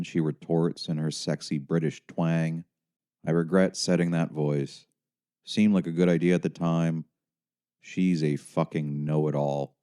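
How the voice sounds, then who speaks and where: A man's voice: sits low, steady tone, normal speed, dark tone. A young man narrating his own story in the first person as an audiobook, wry, weary and sardonic. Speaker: author and narrator.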